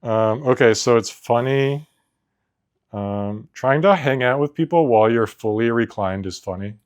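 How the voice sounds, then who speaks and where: A man's voice: mid-range voice, measured pace. A man co-hosting a podcast, telling rambling stories in casual chat, laughing often and filling gaps with "like". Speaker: podcast co-host.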